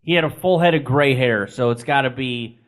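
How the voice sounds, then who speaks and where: A man's voice: mid-range voice, a little fast. A man, co-hosting a sports podcast as producer, telling stories and teasing his host in a dry way. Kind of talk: casual sports podcast chat.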